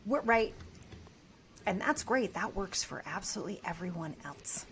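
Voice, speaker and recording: Animated, emphatic woman. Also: medium pitch, normal speed, slight background noise. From United States. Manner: emphatic and animated, swears freely. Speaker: podcast guest. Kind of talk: casual podcast conversation.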